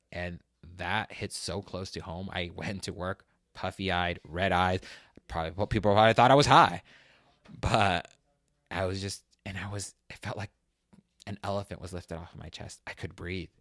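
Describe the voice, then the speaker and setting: Low-voiced man telling a candid story. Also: fairly bright tone, dry recording, clean studio sound. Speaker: podcast host. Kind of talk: personal monologue.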